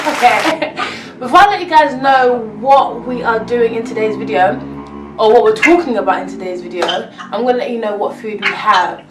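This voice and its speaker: A young woman with a London accent chatting excitedly through a mukbang vlog, rambling and giggling between bites. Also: medium pitch, moderate pace, distant mic, crowd noise, noisy background. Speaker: vlogger. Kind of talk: casual mukbang chat. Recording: roomy echo, mic some way off.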